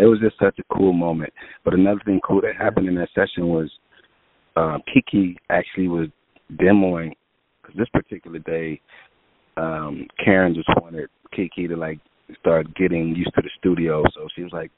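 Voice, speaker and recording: Deep-voiced man telling a story over a tinny line. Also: normal speed, no echo. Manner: animated storyteller, acts out quotes, lots of fillers. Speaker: music producer guest. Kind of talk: casual storytelling in an interview.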